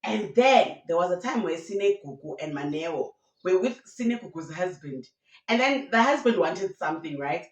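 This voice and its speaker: Animated woman gossiping, roomy. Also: fairly low pitch, normal speed, far from the mic. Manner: animated storytelling with laughs and local slang. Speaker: YouTube commentator. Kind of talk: casual gossip commentary. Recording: roomy sound from away from the mic.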